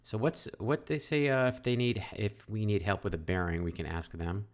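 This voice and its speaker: A man's voice: fairly low pitch, fairly even intonation, moderate pace. A man hosting a casual game playthrough, reading game text aloud and musing with fillers as he goes. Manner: chatty, musing, many fillers and restarts. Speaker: let's-play host.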